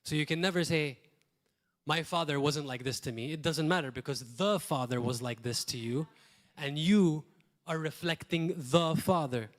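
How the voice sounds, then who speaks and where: Earnest male preacher with a higher voice. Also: normal speed. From Malta. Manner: earnest preaching, rhetorical questions, swings between loud emphasis and quiet asides. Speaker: pastor. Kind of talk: sermon. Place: church.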